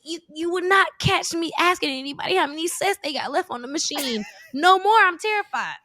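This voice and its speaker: Very high-pitched and brisk, this thirty-something woman is a guest in a casual conversation. She's an animated storyteller who acts out lots of quotes. There's no room sound.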